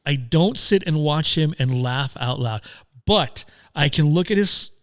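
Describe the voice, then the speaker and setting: A man's voice: on the high side, expressive, a little slow. A man co-hosting a casual talk show, carefully laying out his opinions. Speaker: podcast host. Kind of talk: casual chat.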